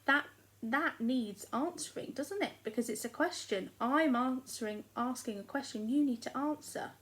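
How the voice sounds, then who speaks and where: A young woman with an English accent, a primary school teacher giving a recorded lesson in a slow, clear, encouraging way to small children. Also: high-pitched, fairly bright tone, rough recording.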